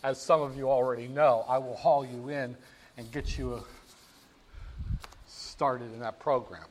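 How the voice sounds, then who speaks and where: A male lecturer giving a classroom lecture in a lively, jokey way, speaking straight to his students. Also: mid-range voice, unhurried, slight background noise.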